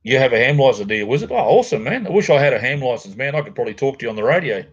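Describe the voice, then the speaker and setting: A man's voice: mid-range voice, lively intonation, very fast, slightly rough, highs cut off. Laid-back Australian man chatting on a livestream. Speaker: livestream host. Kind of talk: casual livestream chat. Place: home, near a garage.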